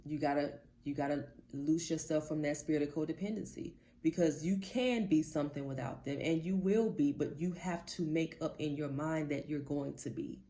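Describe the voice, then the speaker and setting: A woman's voice: sits low, steady tone, moderate pace, hardly any pauses, mellow. A woman life coach giving a motivational talk to camera, blunt and casual, addressing viewers directly and repeating her points for emphasis.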